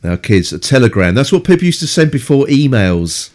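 Sarcastic man with a lively voice. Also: mid-range voice, a little fast. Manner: sarcastic, exasperated heckling. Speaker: podcast host. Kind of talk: casual audio commentary.

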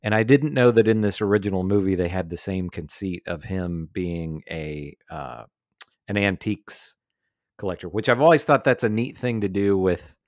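Low-voiced man chatting about movies. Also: moderate pace, dry recording, clean studio sound. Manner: rambling, many fillers and restarts. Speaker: podcast co-host. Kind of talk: casual movie discussion.

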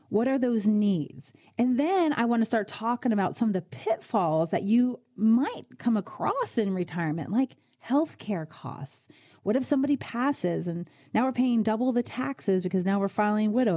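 A woman's voice: mid-range voice, mellow. A woman hosting a radio show as a financial advisor, coaching listeners in a direct, conversational way. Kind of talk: conversational radio advice talk.

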